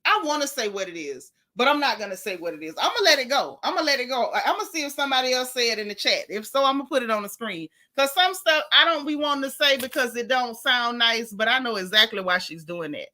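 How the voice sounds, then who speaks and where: Sassy, bright-voiced woman host. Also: on the high side, quick pace, hardly any pauses. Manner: sassy, animated storytelling with slang. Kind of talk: casual reality TV recap commentary.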